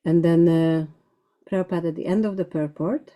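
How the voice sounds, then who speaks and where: A woman's voice: fairly low pitch, steady tone, moderate pace, warm tone. A woman leading a scripture class, explaining terms step by step with frequent ums and uhs. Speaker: class teacher.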